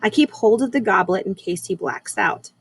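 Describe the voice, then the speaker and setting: A woman's voice: medium pitch, lively intonation, husky, low-quality recording. Woman teacher reading a chapter book aloud. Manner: measured, unhurried reading with small slips.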